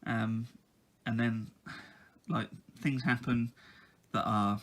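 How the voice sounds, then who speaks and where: A man's voice: mid-range voice, fairly even intonation, takes it slowly, fairly bright tone. A man giving a casual book review, talking in a hesitant way with lots of ums and uhs.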